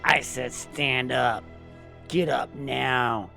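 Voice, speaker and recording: A man's voice: mid-range voice, steady tone, extremely slow, gravelly, sharp tone, faint music behind, full character voice. A man reading the lines of a stern, angry father who gives commands.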